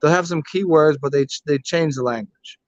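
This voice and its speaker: Casual American guy hosting a chat stream, cursing and joking, a touch high-pitched, dull dry recording. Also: brisk, dry recording. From United States. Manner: profane, joking, rambling with many restarts. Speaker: livestream host reading chat. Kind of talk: casual rambling livestream chat.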